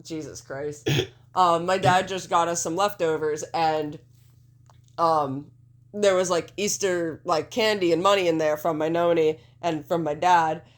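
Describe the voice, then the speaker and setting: A woman's voice: fairly low pitch, steady tone, a little slow. A woman co-hosting a podcast in casual chat, rambling and laughing, swearing freely, a little congested. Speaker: podcast co-host.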